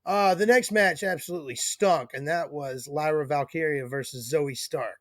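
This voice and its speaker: Male podcast host, somewhat high voice, dry close sound, profane banter. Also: moderate pace, fairly bright tone, no room sound. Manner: profane, joking. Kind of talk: casual chat.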